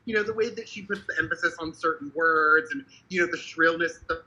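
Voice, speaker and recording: Profane man with a very bright voice. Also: a little high, fairly quick, rough recording. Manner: profane, animated storyteller. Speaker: podcast co-host. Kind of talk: casual chat.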